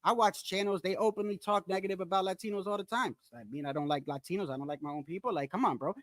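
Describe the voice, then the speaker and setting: High-pitched and fast, with no room sound, this man hosts a boxing channel in a ranting, casual commentary style. He's blunt, emphatic and profane, repeating himself for emphasis. Addressing the viewers directly, he often throws in "bro".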